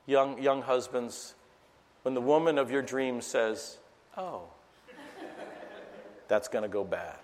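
A middle-aged man preaching a sermon to a live audience. He swings between loud, emphatic preaching and quiet, chatty storytelling asides. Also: mid-range voice, measured pace, in a large hall, slight background noise. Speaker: pastor.

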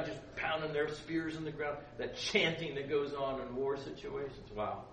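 A man's voice: on the high side, steady tone, normal speed, hardly any pauses, a bit bright. A man teaching a casual Bible lesson to a youth group, joking and asking his listeners questions. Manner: playful, joking asides, asks listeners questions. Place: gym-like hall. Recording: roomy hall, distant mic, faint noise.

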